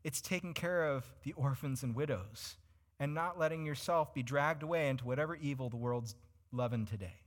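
A man's voice: mid-range voice, fairly quick. A male pastor preaching a sermon, earnestly explaining scripture and putting questions to his congregation.

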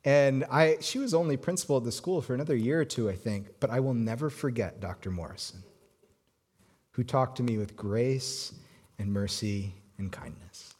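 Storytelling male pastor with hushed asides. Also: medium pitch, moderate pace, breathy edge. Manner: storytelling with many restarts, drops to soft hushed tones for emphasis. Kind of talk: sermon.

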